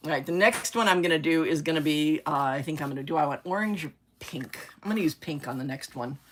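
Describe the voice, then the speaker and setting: A low-pitched woman hosts a live crafting stream in a loose, chatty way. She rambles from one thought to the next and bursts into gushing exclamations over her work. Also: fast talker, a little hiss or hum. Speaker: craft livestream host. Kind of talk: casual chat while crafting live.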